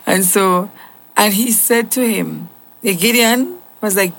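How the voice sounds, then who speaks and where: A woman's voice: mid-range voice, takes it slowly, gravelly, fairly bright tone. A woman giving a devotional Bible teaching, earnest and conversational with casual asides.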